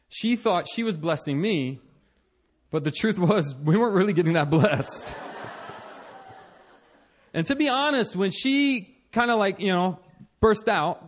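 A young man with a slightly higher voice tells a personal story about married life. He pokes fun at himself, stumbles over his words and restarts a lot, and keeps the telling lively. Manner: animated, self-mocking, many restarts and laughs. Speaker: speaker sharing a marriage story.

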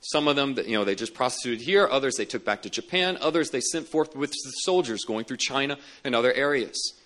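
Fairly quick and animated, this pastor's mid-range, fairly bright voice carries his sermon. He tells stories with real earnestness, driving points home by repeating key words.

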